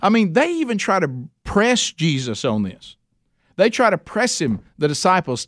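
A man's voice: high-pitched, big pitch swings, moderate pace, dry recording, clean studio sound. A man preaching a sermon as a pastor in a folksy, conversational way, full of asides and restarts.

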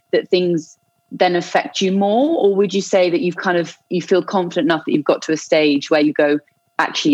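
A woman's voice: lowish voice, a little mellow, dry recording, lo-fi sound. A woman hosting an interview, asking long winding questions with hesitant restarts.

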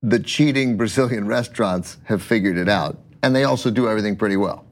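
A man co-hosting a podcast, chatting casually with quick, teasing reactions and laughing along. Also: lowish voice. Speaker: podcast co-host. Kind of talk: casual chat.

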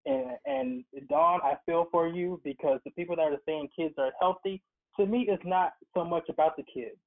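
A man's voice: a little high, lively intonation, normal speed, gravelly. Man on a tinny phone line. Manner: earnest, emphatic storytelling. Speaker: guest, occupational therapist. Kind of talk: casual interview by phone. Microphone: phone call.

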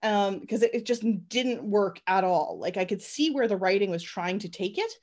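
A woman co-hosting a casual film review chat, sarcastic and animated, acting out scenes in mocking voices. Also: medium pitch, normal speed. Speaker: podcast co-host reviewing a film.

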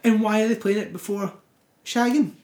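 A man, co-hosting a podcast, telling stories in an animated way with swearing and laughter. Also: sits high, normal speed. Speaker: podcast co-host. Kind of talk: casual chat. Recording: echoey room.

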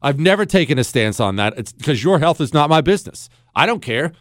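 A man's voice: fairly high pitch, big pitch swings, a little fast, dry recording, studio quality. A man hosting a talk radio show, ranting in an opinionated monologue with sarcastic, mocking asides.

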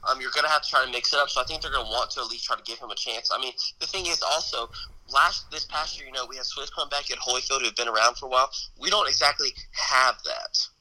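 A man's voice: medium pitch, fast, bright, forceful tone, rough recording. A man co-hosting casual sports talk, giving his opinions with some hedging. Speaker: co-host.

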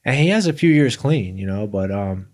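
Male guest, lowish voice, loose and profane. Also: expressive, moderate pace, darkish tone. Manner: easygoing, swears casually. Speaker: podcast guest. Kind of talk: casual recovery talk.

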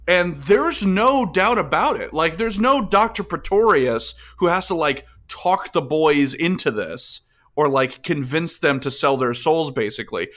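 Chatty higher-voiced man discussing a film. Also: expressive, measured pace, fairly bright tone. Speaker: podcast co-host. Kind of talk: casual film review chat.

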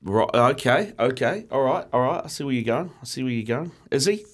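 Teasing New radio host. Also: male voice, mid-range voice, lively intonation, fairly quick. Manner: teasing, joking with co-hosts. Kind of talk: casual radio banter and quiz hosting.

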